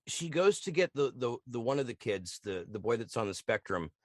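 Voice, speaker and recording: A man co-hosting a podcast, retelling TV scenes in a lively, swearing casual chat and acting out lines in quick voices. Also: mid-range voice, no room sound, studio quality. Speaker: podcast co-host. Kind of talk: casual chat recapping a TV show.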